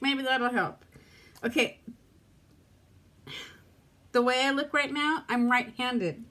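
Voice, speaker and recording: A woman talks to her camera at home in a loose, rambling way. She sounds frustrated and close to tears, and her voice sits a little high. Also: slow, long pauses, pushed and bright. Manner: frustrated, rambling, self-talk. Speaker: vlogger. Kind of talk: casual chat to camera.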